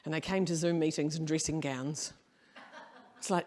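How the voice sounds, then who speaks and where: A middle-aged woman, giving a conference presentation in an animated, frank storytelling manner with quoted dialogue. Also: sits low, normal speed. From New Zealand. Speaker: keynote speaker.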